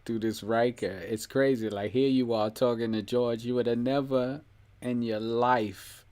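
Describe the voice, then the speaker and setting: A man hosting a podcast in relaxed casual chat, rambling and laughing often. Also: medium pitch, measured pace, smooth. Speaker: podcast host.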